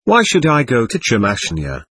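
A man reading the part of a proud, irritable young gentleman who speaks abruptly and sullenly. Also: medium pitch, wildly swooping pitch, moderate pace, breathy edge, full character voice.

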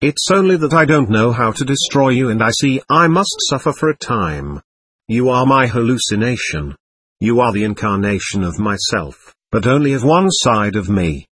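Feverish scornful young man, read by a man, husky, dry close sound. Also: mid-range voice, expressive, normal speed, a bit bright, dry recording. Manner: agitated, contemptuous. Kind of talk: audiobook reading.

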